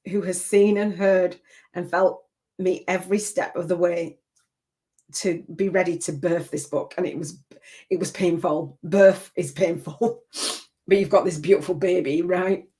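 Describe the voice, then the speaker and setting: A woman's voice: fairly low pitch, steady tone, a little slow, warm tone. An older woman from the United Kingdom, a spiritual business coach giving a live masterclass talk in an emotional, rambling and heartfelt way, with restarts.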